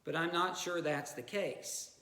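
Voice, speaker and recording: A male pastor preaching in a relaxed, conversational manner. He tells the story and stops for asides. His somewhat high voice rings through a roomy church space. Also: unhurried. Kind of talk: sermon. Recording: echoey room.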